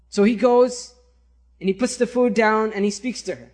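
A man preaching, telling a story in an animated, conversational way and checking in with his listeners. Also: high-pitched, moderate pace. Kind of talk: sermon storytelling.

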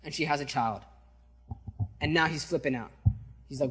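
A man preaches by telling a story and keeps checking in with his listeners. His voice is high-pitched with a husky edge. His delivery stays animated and conversational. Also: moderate pace. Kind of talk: sermon storytelling.

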